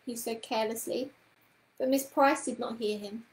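A woman reads a children's storybook aloud in a calm, even way. Her voice sits a little high, and the room gives it a noticeable echo. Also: normal speed. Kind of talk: children's book read-aloud. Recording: roomy echoing room.

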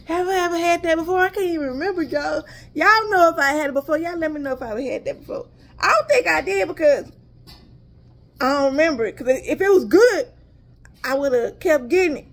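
Southern woman, high voice, chatty haul vlogger, talks straight to her viewers and wanders off on side stories. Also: lively intonation, brisk. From Texas. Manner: chatty, addresses viewers as y'all, drifts into asides. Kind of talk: casual chat to viewers.

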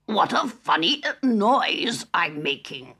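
A fretful young frog stammers and gulps between hiccups, his voice leaping high and low, as a woman puts him on. It is a storybook read-aloud, slow, with a slightly gravelly edge. She acts him out with a bright, breathy tone. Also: sing-song, exaggerated voice. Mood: worried. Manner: anxious, halting with hiccups.

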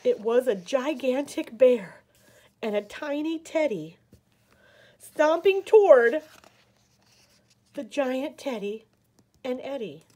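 An American woman reading a picture book aloud at a library story time, slow and expressive. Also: high-pitched. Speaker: children's librarian.

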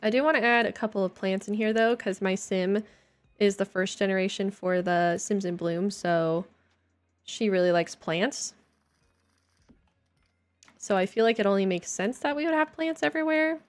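A woman's voice: mid-range voice, normal speed. Playful woman streamer chatting with viewers. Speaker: livestreamer. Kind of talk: casual live-stream chat while playing. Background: faint game music.

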